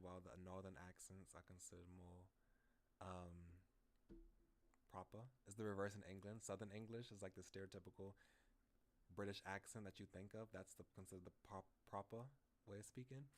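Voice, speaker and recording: A man streaming a visual novel, chatting casually and rambling off on tangents between scenes. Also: low voice. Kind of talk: casual game commentary.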